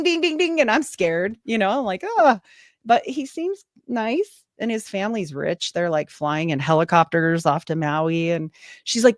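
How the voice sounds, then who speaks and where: A woman's voice: mid-range voice, no room sound, clean studio sound. A woman talking casually in an interview, telling a long story animatedly and acting out what people said. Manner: animated, quotes people in lively voices. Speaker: podcast host, guest.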